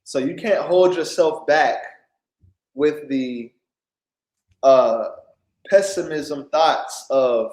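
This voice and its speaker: A man preaching informally on scripture, often pausing to ask "right?" and restarting his sentences. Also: medium pitch, darkish tone. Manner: keeps asking "right?", stops and restarts often. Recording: echoey room.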